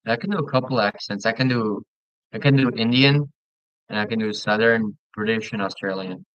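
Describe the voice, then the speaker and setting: A man chatting casually while playing a game with a friend, relaxed and talkative, often stumbling and restarting his sentences. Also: on the low side, moderate pace, no room sound, muffled recording. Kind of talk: casual gaming chat.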